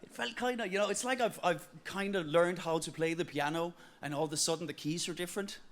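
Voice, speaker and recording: A man's voice: high-pitched, fast, a bit bright. A Danish man doing stand-up in English with an Irish-tinged accent, self-mocking and acting out voices. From Denmark. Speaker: stand-up comedian. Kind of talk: stand-up set.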